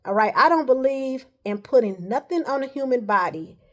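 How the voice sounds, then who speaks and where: A woman's voice: sits high, expressive, normal speed. A woman talking to camera in a casual vlog, rambling and earnest, often tagging her points with "all right.". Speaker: vlogger.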